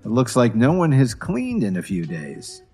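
A man voicing a calm young husband who speaks in an easygoing, smiling way. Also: medium pitch, normal speed, breathy edge, soft background music, exaggerated voice. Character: calm young husband, unbothered and quietly smug.

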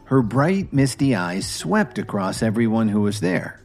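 A man giving a scripted storybook narration in an expressive, measured way. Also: fairly low pitch, soft background music.

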